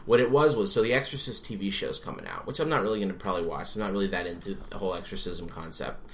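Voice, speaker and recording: A man's voice: low voice, very fast, slight background noise. A man co-hosting a podcast, chatting casually and acting out quotes as he tells a story. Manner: animated storyteller who acts out quotes. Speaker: podcast co-host. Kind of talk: casual chat.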